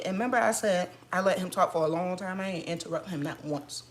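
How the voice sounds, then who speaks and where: A mom vlogger telling an animated, sassy story with frequent laughs in a casual chat at home. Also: female voice, on the low side, fairly quick, hardly any pauses.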